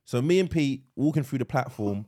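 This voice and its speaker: A man's voice: mid-range voice, expressive, fairly quick, warm tone. A man co-hosting a casual podcast chat, rambling and repeating himself, swearing freely. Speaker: podcast co-host.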